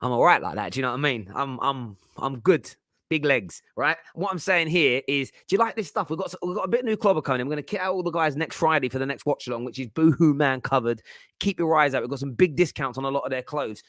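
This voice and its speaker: A man's voice: a little high, lively intonation, fast talker, fairly bright tone, dry recording. A man hosts a casual chat show. His talk is loose and rambling, full of asides and easy laughs. The sound is close and dry. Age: 30s. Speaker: host.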